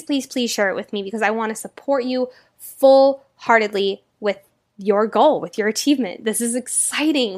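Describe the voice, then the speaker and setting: A young woman with a fairly high voice hosts a motivational podcast. She talks straight to her listeners in an earnest, gushing way and grows emotional as she goes. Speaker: podcast host.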